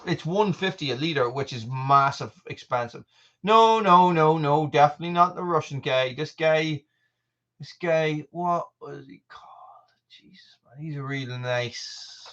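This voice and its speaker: A man's voice: medium pitch, fairly bright tone, highs cut off. Rambling Irish man on a live stream. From Ireland. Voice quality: rambling, restarts sentences. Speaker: channel host. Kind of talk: live stream chat reading comments.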